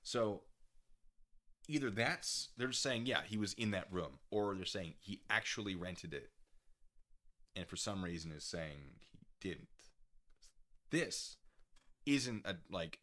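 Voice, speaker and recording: A man's voice: low-pitched, animated, slow, pauses often, bright, forceful tone. A tired man streaming casually, reading documents aloud with rambling, self-interrupting asides. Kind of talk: casual livestream chat while reading documents.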